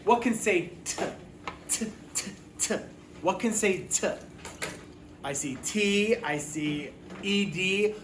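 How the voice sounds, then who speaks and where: A man's voice: high voice, takes it slowly. A man teaching a phonics lesson, patiently sounding out letters for children. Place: classroom. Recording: echoey room, mic far off, background noise.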